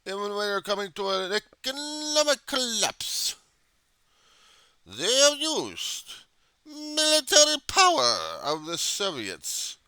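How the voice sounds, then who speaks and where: A man voicing a stern mock Soviet comrade in a fake Russian accent, slow and theatrical. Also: high-pitched, huge pitch swings, pushed and bright, smooth, no echo, pitched above the performer's own voice, full character voice.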